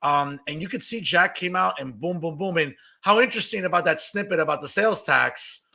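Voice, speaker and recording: Man, interview host, fast talker, gravelly, bright tone, animated. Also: a little high. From New Jersey. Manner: quick, animated, affirming with frequent yeahs. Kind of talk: political interview talk.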